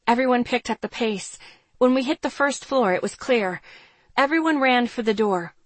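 A woman with a slightly high voice and lively intonation narrates a first-person audiobook at a normal speed, reading the story in a tense, dramatic way. The recording has no echo.

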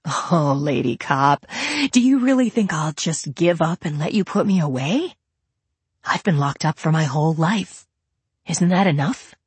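A cold, menacing serial killer read by a woman from an audiobook. His threats come slow and low, sometimes in a whisper. The voice is husky and a little low-pitched, recorded dry and close. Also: lively intonation, no room sound, full character voice. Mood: mocking.

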